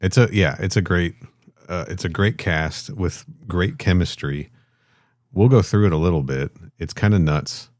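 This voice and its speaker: A man co-hosting a podcast, chatting casually, relaxed and agreeable, asking questions. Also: low voice, moderate pace, no room sound, clean studio sound. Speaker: podcast co-host. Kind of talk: casual chat.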